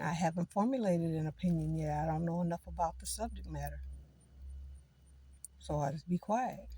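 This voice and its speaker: A middle-aged vlogger chats casually with her viewers from a parked car, rambling from one thought to the next. Her lowish voice is warm and slightly rough, with no echo.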